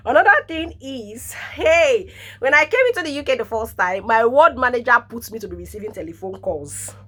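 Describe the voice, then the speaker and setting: Husky Nigerian woman telling lively stories. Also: a little high, moderate pace. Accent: Nigerian English. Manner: animated storytelling, laughs often, drops in pidgin interjections. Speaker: nurse. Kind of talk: casual storytelling vlog.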